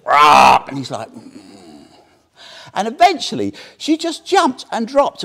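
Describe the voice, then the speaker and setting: Man, seventies, Buddhist teacher, dharma talk, somewhat high voice, very lively pitch, storytelling. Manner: animated storyteller, tags sentences with "yeah?".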